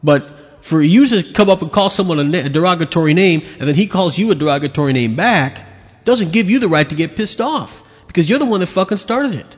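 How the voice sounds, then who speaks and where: A man's voice: high-pitched, expressive, fairly quick, slightly rough. A man hosting a podcast, ranting angrily and crudely as he comments on video clips. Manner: angry, profane, mocking. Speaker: podcast host. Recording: long hall reverb.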